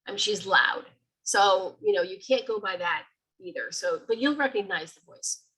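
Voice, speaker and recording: A woman speaks to a library audience in a loose, conversational way, now and then acting out sounds as she describes them. Her voice is somewhat husky and sits in a middle range for a woman. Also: medium pitch, moderate pace, poor audio. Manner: chatty, animated, acts out sounds. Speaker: medium giving a talk. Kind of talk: informal library talk.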